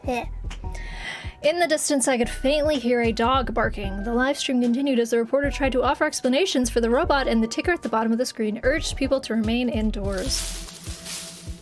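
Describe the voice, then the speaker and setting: A woman's voice: fairly high pitch, a little fast, soft background music. A woman streamer reading a visual novel game aloud on a live stream, with giggly, chatty asides and playful exclamations.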